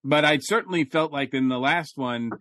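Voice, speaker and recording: A man's voice: a little high, normal speed, fairly bright tone, no room sound, clean studio sound. Rambling man in casual review chat. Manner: rambling, many fillers and restarts. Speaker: podcast co-host.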